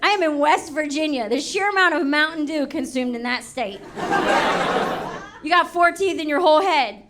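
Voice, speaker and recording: A woman's voice: high-pitched, normal speed, crowd noise. A young woman performing a stand-up comedy set, brash and swearing, slipping into acted voices, recorded live at a show. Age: young adult. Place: comedy show before a laughing audience. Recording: live show with audience noise.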